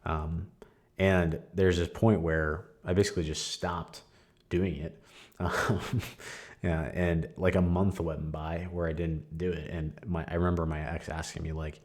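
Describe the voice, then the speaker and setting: A young man hosting a podcast, sharing a candid personal testimony in a casual, conversational way with frequent fillers and soft laughs. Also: low voice, little pitch movement, moderate pace. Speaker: podcast host.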